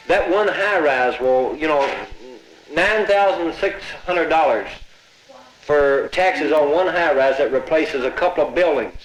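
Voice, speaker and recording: A man speaking plainly and thoughtfully in a documentary interview. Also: fairly high pitch. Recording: echoey room.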